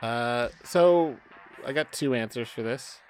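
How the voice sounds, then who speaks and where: A man co-hosting a podcast over a remote call, talking in a rambling, animated way with lots of fillers and swearing. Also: medium pitch, slow, faint music behind. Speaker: podcast co-host and author. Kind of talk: casual podcast chat. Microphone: remote call recording.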